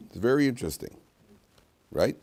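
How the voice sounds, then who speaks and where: A man rabbi giving a storytelling Torah lecture to students, animated, dropping to quiet asides and then bursting out loud, teasing his listeners. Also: medium pitch, moderate pace, creaky. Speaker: rabbi teaching a class.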